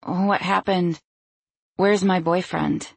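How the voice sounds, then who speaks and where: A woman's voice: fairly low pitch, steady tone, takes it slowly, gravelly, husky, dry recording, exaggerated voice. A woman narrator voicing an anxious, frightened young woman who speaks in a worried, pleading way.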